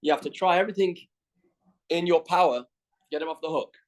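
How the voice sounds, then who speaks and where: A man teaching a daily Talmud class. He reads Aramaic phrases and explains them in quick English, often repeating the key phrases. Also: on the high side, low-quality recording. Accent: Canadian.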